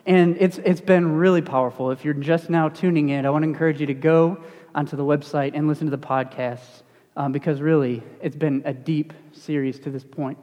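A young man delivers a relaxed, talky sermon as student pastor, his voice sitting a little high for a man. His speech is animated and self-deprecating. The church hall gives it a long, ringing tail. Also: a little fast. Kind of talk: casual sermon with stories. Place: church sanctuary.

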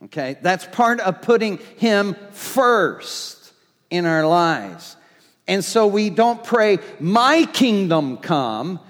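High-voiced pastor preaching emphatically, reverberant hall. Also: male voice, lively intonation, slow. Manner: emphatic, repeating declarations, rising in force. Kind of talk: sermon.

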